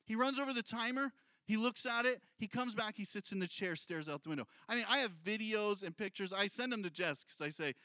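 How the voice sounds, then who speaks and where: Bright high-voiced male preacher. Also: lively intonation, a little fast, no room sound. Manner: conversational preaching, repeats key points, asks the congregation questions. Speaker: pastor. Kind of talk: sermon.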